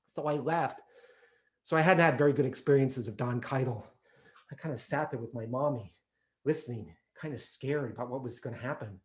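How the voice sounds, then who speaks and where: A man performing an autobiographical solo theatre monologue in an animated, comic storytelling way. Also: fairly high pitch, normal speed.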